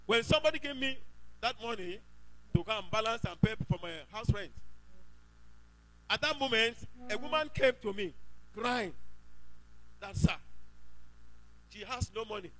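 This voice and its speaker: A man's voice: extremely high pitch, expressive, moderate pace, pauses often, bright, forceful tone, poor audio. A man with a Nigerian accent gives an emphatic testimony in a church service, telling his story and bursting into praise. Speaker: church member giving testimony.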